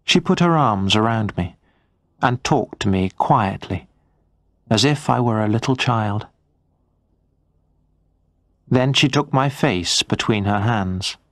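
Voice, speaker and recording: A man narrating a first-person story for English learners in a slow, clear, measured reading. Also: fairly low pitch, animated, dry recording.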